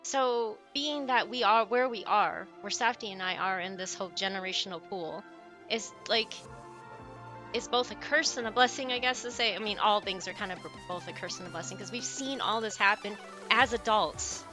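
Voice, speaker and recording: A woman's voice: mid-range voice, moderate pace, music in the background. A woman in her forties streaming, rambling in earnest casual chat, and sounding younger than her age. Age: 40s.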